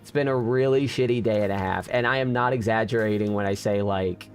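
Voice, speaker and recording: A man's voice: lowish voice, brisk, faint music behind. A man streamer in casual live-stream chat, venting candidly to his viewers with frequent restarts.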